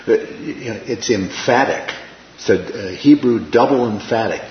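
This Bible study teacher speaks slowly in a medium-pitched voice with lively intonation, running a casual class where he repeats himself and asks "right?" to check in. There's slight hiss or hum, plus room echo and muffled lo-fi quality.

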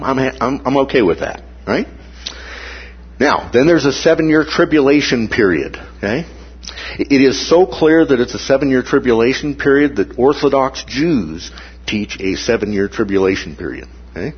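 A man's voice: medium pitch, breathy edge, highs cut off. A man preaching a sermon in a conversational way, often checking in with the congregation by asking "okay?" and "right?". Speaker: pastor.

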